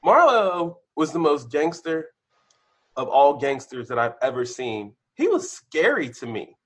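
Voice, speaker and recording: A husky-voiced man, a senior engineer appearing as a podcast guest, tells animated career stories in a candid conversational interview. He speaks a little slowly, surging with bursts of excitement and then dropping low.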